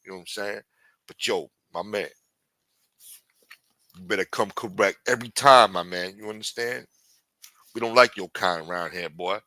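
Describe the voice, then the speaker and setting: A man's voice: lowish voice, normal speed, pauses often, bright, forceful tone, no room sound. A man playing a threatening, profane street hustler in improvised comic role-play. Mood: menacing. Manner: profane, taunting, streetwise swagger. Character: menacing male street hustler, adult, threatening.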